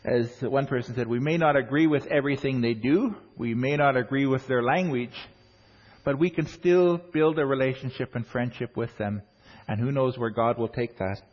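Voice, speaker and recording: A man's voice: mid-range voice, moderate pace. Man, middle-aged, earnest sermon, numbered points, echoey church hall, muffled sound. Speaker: preacher. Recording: dull audio in a long-echo hall.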